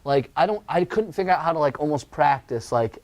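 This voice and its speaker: A man's voice: fairly high pitch, animated, brisk, a little mellow. A young man co-hosting a podcast, talking casually and rambling through thoughts with lots of "like" and laughs. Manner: rambling, many fillers and restarts, laughs easily. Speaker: podcast co-host.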